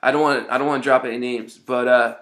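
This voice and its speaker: Male songwriter, loose rambling delivery, medium pitch, informal tips. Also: fairly even intonation, fast, a bit bright. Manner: rambling, keeps saying "you know what I mean". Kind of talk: casual spoken advice.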